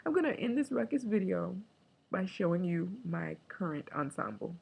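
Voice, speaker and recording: A woman talking candidly in a casual video diary, emotional and joking, sometimes breaking into a squeaky high chant. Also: expressive, moderate pace, gravelly, darkish tone, husky, low-quality recording. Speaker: vlogger.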